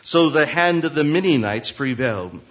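A man's voice: fairly high pitch, expressive, moderate pace. Man, pastor, preaching sermon, rhetorical prayers, muffled audio.

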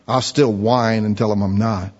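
A man's voice: lowish voice, fairly even intonation, moderate pace, breathy edge. A middle-aged man preaching a sermon, telling Bible stories with humor and acting out the scenes. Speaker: pastor. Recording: dull recording with long hall reverb.

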